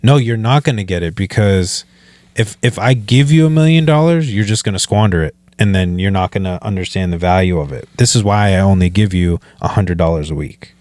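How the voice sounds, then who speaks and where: A man's voice: deep voice, expressive, brisk, darkish tone, dry recording. A man co-hosting a casual podcast, talking in a laid-back way and explaining with everyday examples.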